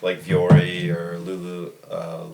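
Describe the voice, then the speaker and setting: Man, very low voice, lively swings in pitch, jokey, roomy echo. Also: takes it slowly, vocal fry. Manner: jokey, laughs often, mimics voices. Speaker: podcast guest. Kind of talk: casual chat.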